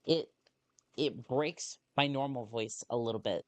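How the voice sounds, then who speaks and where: A woman game streamer talking casually into her desk mic, rambling as she plays. She often restarts her sentences and slows down to read on-screen text aloud. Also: a bass voice, dry recording. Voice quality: rambling, self-correcting, reads on-screen text slowly. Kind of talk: casual gameplay commentary.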